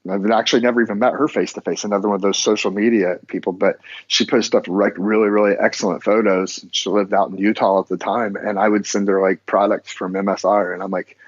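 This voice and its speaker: A man's voice: on the low side, level tone, normal speed. A man guesting on a podcast, talking casually in a loose, rambling way full of restarts and fillers. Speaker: podcast guest, business owner. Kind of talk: casual conversation. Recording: dull lo-fi audio.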